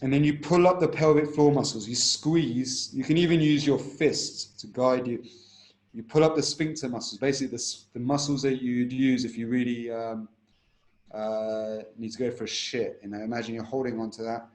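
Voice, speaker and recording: A man's voice: medium pitch, steady tone, moderate pace, a little mellow. A man teaching a breathwork technique in a conversation, explaining steps and demonstrating chanted tones. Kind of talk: instructional conversation. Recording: roomy echo.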